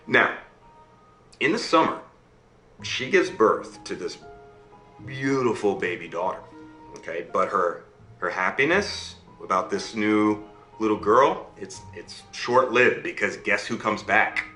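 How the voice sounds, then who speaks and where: Animated man telling a fairy tale. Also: fairly low pitch, unhurried, long pauses, echoey room, faint music behind. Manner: animated, checks in with listeners often. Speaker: storyteller.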